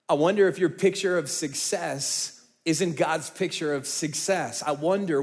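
A man preaching a sermon on stage, swinging from hushed, low phrases to loud, lifted ones. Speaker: pastor.

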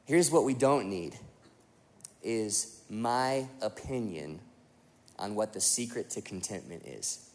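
A young man preaching a sermon, telling a story in a lively way with lots of fillers. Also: lowish voice, takes it slowly, pauses often. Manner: animated storytelling with many fillers. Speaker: pastor.

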